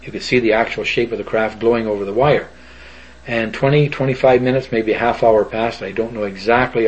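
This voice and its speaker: A man's voice: medium pitch, breathy edge. An older man from Northern Ontario, telling an eyewitness story in a rambling, folksy way and acting out other people's voices. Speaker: eyewitness recounting a sighting. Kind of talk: casual spoken storytelling. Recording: dull lo-fi recording.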